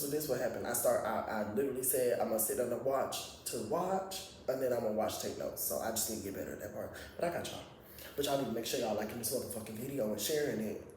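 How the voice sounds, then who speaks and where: A man giving a casual, profane recap of a reality TV episode, laughing often and talking in an animated way. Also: mid-range voice, slight background noise. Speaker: reality TV reviewer. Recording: very echoey room, voice from far off.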